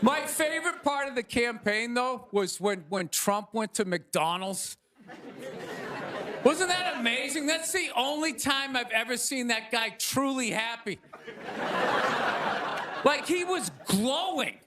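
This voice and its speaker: A man doing a stand-up monologue on a theater stage into a stage mic, animated and ranting, often acting out other people's voices. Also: extremely high pitch, slow. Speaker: stand-up comedian. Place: theater stage before a live audience. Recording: stage recording with crowd noise. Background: audience laughter.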